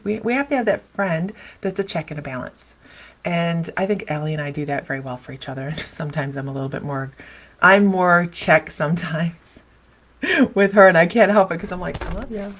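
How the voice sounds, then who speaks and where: A middle-aged woman who works as a psychic medium and hosts a live show chats casually on a livestream, rambling and laughing a lot. She speaks at normal speed in a fairly low voice.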